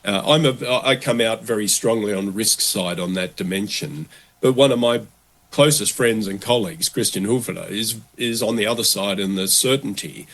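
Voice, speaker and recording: A man who is a guest in a business podcast interview, speaking in an animated way and acting out quoted thoughts. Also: on the low side, normal speed. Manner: animated, acts out quoted voices. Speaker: guest, relocation consultant. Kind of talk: conversational interview.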